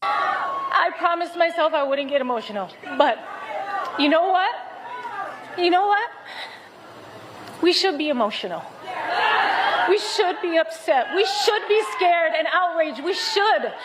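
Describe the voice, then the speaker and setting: A high-voiced woman gives an impassioned, rousing rally speech. A crowd can be clearly heard behind her, and the clip carries plain noise. She stresses her words and pushes them forward with urgency. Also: wildly swooping pitch, unhurried, long pauses. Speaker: speaker at a political rally.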